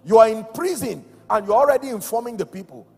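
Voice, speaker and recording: A Nigerian man preaching a sermon with emphasis, going from shouted calls to quiet, low words and asking the congregation questions. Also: expressive, fast, gravelly, breathy edge. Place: large church hall. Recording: echoey church hall with soft music.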